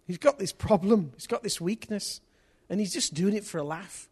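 A man preaches with a high, light voice and a storyteller's ease, tossing in casual slang. He builds to excited shouts, then drops almost to a whisper to make his point. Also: moderate pace, breathy edge. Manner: swings from hushed to excited shouting; lively storyteller with local place names and slang. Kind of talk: sermon with storytelling.

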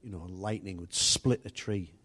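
A male preacher speaks to his congregation in a loose, chatty way, restarting sentences and turning aside to address people in the room. His voice sits a little on the low side. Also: moderate pace, fairly bright tone, slightly rough. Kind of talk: informal sermon.

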